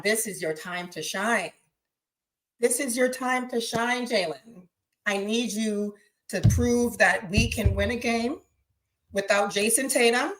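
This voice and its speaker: A young woman hosts a casual sports podcast, talking straight to her live chat. She is excitable and blunt, swears freely, and her voice sits a little high. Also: rough recording. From Boston. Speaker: podcast host.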